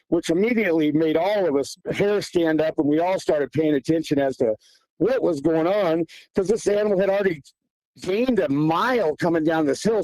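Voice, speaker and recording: Man with a fairly high voice, dry close sound, recounting a tense wilderness hunt with vivid quoted dialogue. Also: darkish tone, no room sound, poor audio. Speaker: guest hunter recounting an encounter. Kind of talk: casual storytelling.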